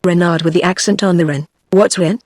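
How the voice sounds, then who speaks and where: A woman's voice: fairly low pitch, a little fast, dry recording, studio quality, natural voice. A text-to-speech woman's voice with a British English accent reading the short lines of a bewildered little boy in a storybook. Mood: terse. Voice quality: even synthetic read-out. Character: small boy, terse and bewildered.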